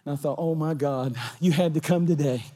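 A middle-aged man, preaching a sermon in a church sanctuary and often building to shouts. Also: fairly high pitch, brisk. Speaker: pastor.

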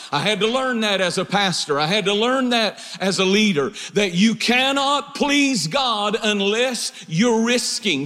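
A man preaching to a church, joking and telling stories as he builds to his point. His voice sits high for a man. It rings out into a long, echoing sanctuary. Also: sharp tone. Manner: humorous storytelling, preacherly. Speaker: pastor. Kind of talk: sermon. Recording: long hall reverb.

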